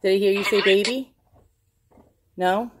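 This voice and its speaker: A woman speaks in a casual, curious way as she records at home, posing slow questions one after another with pauses. Her voice sits at an ordinary pitch. A faint hiss and occasional clicks run underneath. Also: steady tone. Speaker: vlogger running a ghost hunting session. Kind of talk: casual chat, asking questions aloud. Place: indoors at home with a dog nearby.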